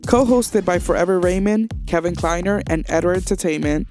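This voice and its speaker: A man's voice: high-pitched, brisk, faint music behind. Blunt, laughing podcast host man. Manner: blunt, animated banter with laughs. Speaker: podcast host and executive producer. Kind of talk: casual chat.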